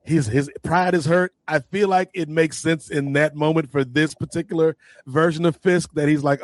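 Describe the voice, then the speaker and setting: A man co-hosting a casual podcast review, excitedly retelling TV scenes and acting out the characters' lines. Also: fairly high pitch, normal speed, few pauses, no echo. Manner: animated, acts out scenes in quoted voices. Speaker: podcast co-host.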